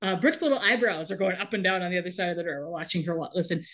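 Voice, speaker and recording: A woman's voice: on the low side, racing, a bit bright. A woman hosting a podcast, recapping an episode in casual chat with a wry, amused manner and frequent laughter. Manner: wry, amused storyteller who laughs often. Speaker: podcast host.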